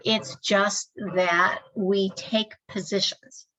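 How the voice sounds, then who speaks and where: A woman giving a measured, explanatory staff training lecture. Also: medium pitch, little pitch movement, fairly bright tone, a little hiss or hum. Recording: dull lo-fi recording.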